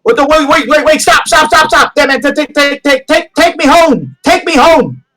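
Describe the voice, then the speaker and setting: Fleeing frightened man as voiced by a male game master, frantic, high and stammering, begging over and over. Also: lively intonation, moderate pace, sharp tone, soft background music, heavily acted. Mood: panicked. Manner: frantic, stammering repeated pleas.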